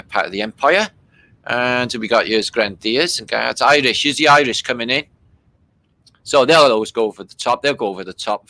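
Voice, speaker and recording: Casual host, male, from Britain; bright tone, loose delivery, swears a lot. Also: mid-range voice. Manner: loose and chatty, swearing freely, many fillers. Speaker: host commenting on archive war footage. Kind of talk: casual running commentary.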